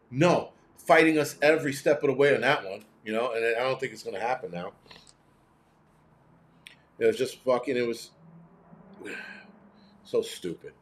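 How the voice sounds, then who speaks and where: Profane ranting male streamer. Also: mid-range voice. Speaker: host. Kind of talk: live-stream rant reading chat.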